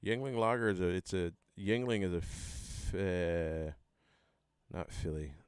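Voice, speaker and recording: Deep-voiced Philly man, rambling chat. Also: fairly even intonation, measured pace, clear, resonant tone, dry recording, studio quality. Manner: rambling, profane, joking. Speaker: band member hosting a live hangout. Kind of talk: casual livestream chat.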